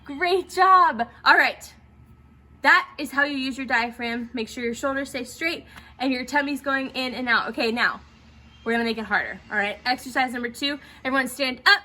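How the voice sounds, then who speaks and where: A woman's voice: sits high, a little fast, bright, forceful tone. A woman teaching theatre students, guiding them through breathing exercises and checking in with them often. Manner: encouraging, checks in with "okay?" often. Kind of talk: guided breathing exercise instruction.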